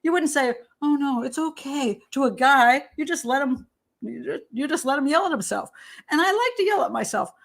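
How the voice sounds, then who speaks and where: Animated older American woman host. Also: sits high, brisk, vocal fry. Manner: animated, laughing, acting out quoted voices. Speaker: host and criminal profiler. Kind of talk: casual talk show monologue.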